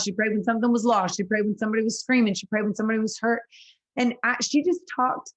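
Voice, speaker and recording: Earnest, laughing woman songwriter. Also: mid-range voice. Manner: earnest, animated, quick laughs, lots of "like". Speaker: singer-songwriter guest. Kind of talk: casual interview conversation.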